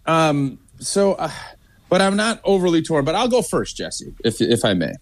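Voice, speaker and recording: A man co-hosting a casual sports podcast, giving his game pick with halting restarts. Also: fairly high pitch, big pitch swings. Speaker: podcast co-host.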